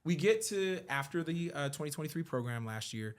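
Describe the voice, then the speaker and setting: A man in casual conversation as a podcast guest, telling a story in an earnest tone and acting out conversations with big jumps in pitch and loudness. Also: lively intonation, brisk. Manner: earnest and reflective when talking about his work and faith.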